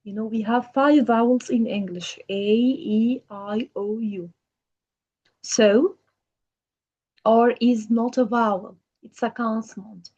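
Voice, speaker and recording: A woman's voice: a little high, fairly even intonation, slow, a little mellow, dull audio. A woman teaching English grammar in a patient manner, asking the learner questions. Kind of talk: grammar lesson.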